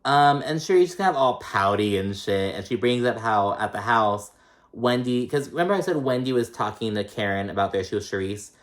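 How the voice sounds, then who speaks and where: Animated and fairly quick, a man with a fairly low voice runs through a reality show in casual recap commentary. It's profane and loose, packed with "like"s and "um"s, and he performs quoted lines in shifting voices.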